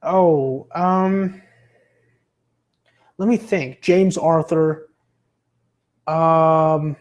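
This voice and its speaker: A young man on a livestream, his voice sitting a bit high for a man and roughened by a sore throat. He rambles casually with lots of restarts, and his pitch drifts around as he slips in and out of a livelier entertainer tone. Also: fairly even intonation, very slow. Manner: rambling, stammering, with many restarts. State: sore throat from being sick. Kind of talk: casual chat reading viewer comments.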